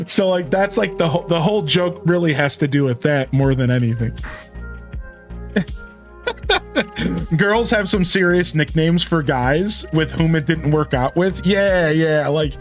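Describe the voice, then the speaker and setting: A young man streams a game, chatting casually and retelling a story packed with fillers. His voice is on the high side and a little slow, with soft music in the background.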